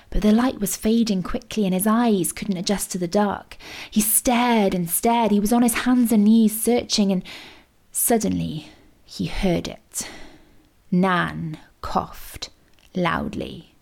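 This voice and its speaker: A woman reading a children's storybook aloud, her voice slightly gravelly. She builds suspense with expressive, measured narration. Her pitch sits in a middle register.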